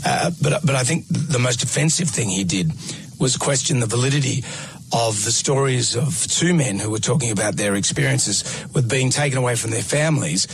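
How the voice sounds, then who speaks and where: A man's voice: mid-range voice, vocal fry, faint music behind. Earnest middle-aged Australian man. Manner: earnest, halting, repeats words. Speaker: radio host. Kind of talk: casual radio chat.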